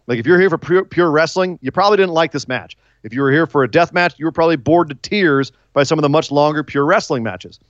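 A man co-hosting a podcast in casual chat, joking and animated, with quick asides. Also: on the high side, dry recording, muffled recording. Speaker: podcast co-host.

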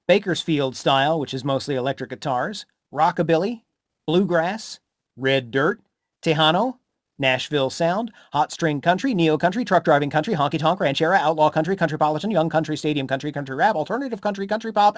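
A man's voice: fairly high pitch, no echo. Informative man explaining with a dry sound. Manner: informative, explains history, introduces songs. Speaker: co-host. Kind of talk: casual chat.

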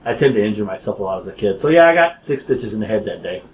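Animated laughing man in a roomy room. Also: fairly low pitch, fast, slight background noise. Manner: animated, laughs often, acts out quotes. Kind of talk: casual storytelling chat. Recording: roomy echo.

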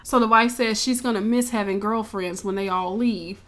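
A woman's voice: mid-range voice, normal speed. A woman co-hosting a casual chat, retelling a movie with lots of laughter and acted-out lines. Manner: animated storytelling, laughing often, acting out characters' lines. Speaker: podcast co-host recapping a movie.

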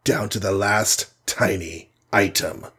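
A man's voice: fairly low pitch, fairly even intonation, slow, bright, forceful tone, breathy edge, exaggerated voice. A man putting on a gloating Cars, villain with French flair. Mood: smug. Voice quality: mocking, gloating. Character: gloating scheming male supervillain with French phrases.

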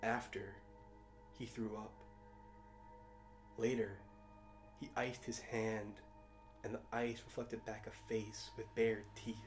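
A man reading dark fiction aloud in a measured, grave delivery. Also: lowish voice, level tone, soft background music.

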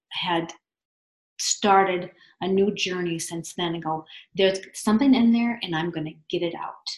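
A woman in her fifties, a podcast guest telling her story in a chatty, animated way. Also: lowish voice. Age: 50s. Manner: chatty, animated, acts out quotes. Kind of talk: casual storytelling. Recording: echoey room.

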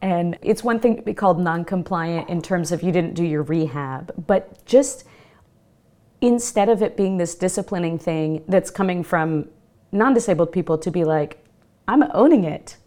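This podcast host speaks in a lowish, mellow voice at normal speed. She stays engaged throughout the interview conversation, pressing her guest with probing questions.

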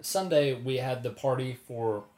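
A man's voice: medium pitch, unhurried, darkish tone. A man co-hosting a casual chat, telling stories in an easygoing, self-mocking way. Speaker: podcast co-host. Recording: echoey room.

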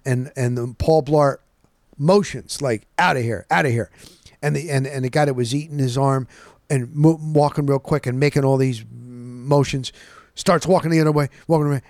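A man hosting a podcast, telling a long casual story and acting out the people in it with lively shifts in voice. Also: fairly high pitch, dry recording, studio quality. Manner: animated, acts out quoted voices. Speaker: podcast host.

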